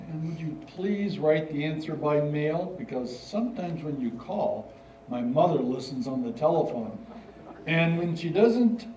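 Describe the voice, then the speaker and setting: A man's voice: a little high, darkish tone, distant mic, a little hiss or hum. An older man in a staged reading, playing an earnest, slightly formal schoolboy writing letters. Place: stage in a hall. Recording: dull, roomy hall recording from afar.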